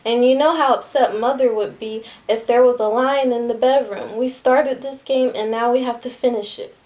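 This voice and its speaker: A woman's voice: fairly high pitch, fairly even intonation, normal speed, darkish tone, natural voice. A woman reading the lines of a determined young girl who reasons firmly with her brother. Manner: firm, reasoning. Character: determined young girl, sensible older sister.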